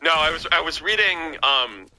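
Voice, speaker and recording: A man's voice: on the high side, animated, moderate pace, bright, forceful tone, a little hiss or hum, poor audio. A man talking as a podcast guest in casual conversation, rambling with many fillers and restarts.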